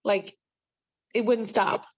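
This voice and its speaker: A woman co-hosting a group call who excitedly chimes in with extra comments. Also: medium pitch, takes it slowly.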